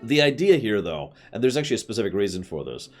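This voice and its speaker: A man's voice: lowish voice, sing-song, fast talker, soft background music. A man giving casual, chatty commentary while streaming a video game, with opinionated asides.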